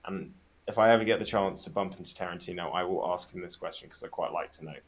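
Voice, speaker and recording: A man's voice: deep voice, fast talker. A man guest on a casual podcast chat, telling stories with enthusiasm and swearing freely.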